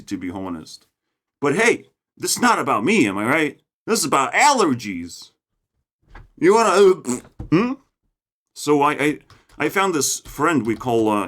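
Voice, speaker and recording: Young Lithuanian-accented man, profane mocking forest rant, very lively pitch, loud bursts and quiet asides. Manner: profane, mocking, swings between loud outbursts and low mutters. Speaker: vlogger. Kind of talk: ranting monologue. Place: outdoors in a forest.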